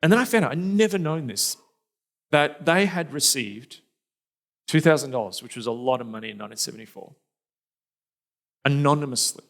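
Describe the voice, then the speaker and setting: Middle-aged male pastor, conversational storyteller, mid pitch, reflective with loose restarts. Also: lively intonation, normal speed, pauses often, fairly bright tone. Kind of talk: storytelling sermon.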